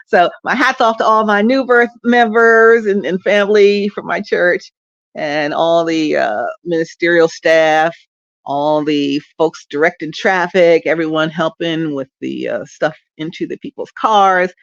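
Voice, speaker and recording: A woman who works as a traffic reporter and streaming host records a casual vlog straight to camera, lying down at home on a phone or webcam. She rambles upbeat and laughs often, her fairly low voice at a measured pace. The audio is muffled, with no room sound.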